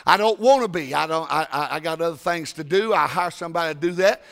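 An older man preaching a sermon, telling stories and often breaking into shouts. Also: a little high, fast talker, vocal fry. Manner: folksy, shouting and storytelling.

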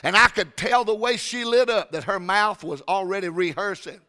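A man preaching a sermon, telling a story with stammering restarts and sudden loud bursts. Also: high voice, normal speed.

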